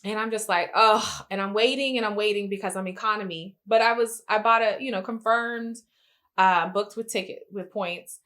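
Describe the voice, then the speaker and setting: A woman co-hosts a travel podcast in easy casual chat. She tells her stories with energy and acts out every line she quotes. Her voice is bright and forceful. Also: mid-range voice, normal speed. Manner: animated storyteller, acts out quotes with big swings. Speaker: podcast co-host.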